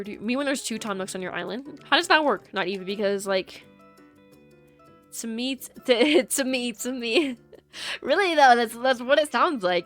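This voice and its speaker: A woman's voice: on the high side, fairly bright tone. A woman streaming a video game, chatting casually in a giggly, rambling, playful way into a USB microphone at home. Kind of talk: casual gameplay chat.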